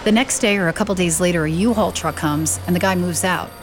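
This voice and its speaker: A woman with a fairly low voice tells a family story as a lively storyteller. She acts out the people she quotes, lifting her voice for their lines. Soft music plays faintly behind her. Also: fast talker. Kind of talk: anecdotal storytelling.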